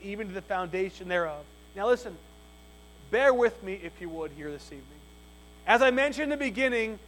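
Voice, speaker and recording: A man's voice: sits high, rough recording. A man preaching an evening sermon, reading Bible verses aloud and repeating his key points for emphasis. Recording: mains hum.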